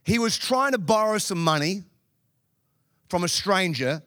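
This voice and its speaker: Australian man, middle-aged, comic self-mocking preacher, high-ish voice, lively delivery. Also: a little slow, dry recording, studio quality. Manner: humorous, self-deprecating, animated storytelling. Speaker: pastor. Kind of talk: storytelling sermon.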